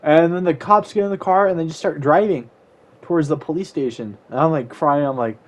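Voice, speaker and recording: A man's voice: on the high side, brisk, lo-fi sound. A young man casually telling a story time while gaming, rambling with lots of "like"s. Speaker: YouTuber.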